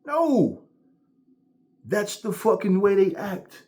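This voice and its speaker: A man hosting a commentary vlog, ranting in a blunt, profane, animated way. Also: high voice, takes it slowly. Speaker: channel host.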